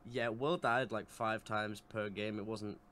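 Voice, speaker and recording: A man's voice: on the low side, steady tone, measured pace, fairly bright tone. A man co-hosting a podcast in casual chat, teasing and dry. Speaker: podcast co-host.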